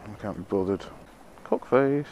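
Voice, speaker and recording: A man's voice: lowish voice, lively intonation, unhurried, darkish tone, dull audio. A man filming himself while riding a motorbike through town, swearing and ranting at the traffic as he chats to the camera. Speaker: motorbike vlogger. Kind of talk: casual riding commentary. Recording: noisy wind and traffic.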